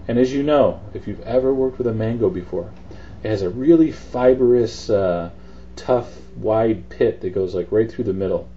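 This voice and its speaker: Chatty guy walking you through a recipe, super dark mellow voice, kinda dull lo-fi sound. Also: mid-range voice. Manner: chatty, relaxed instruction with fillers. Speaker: cooking show host. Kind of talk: casual cooking demonstration.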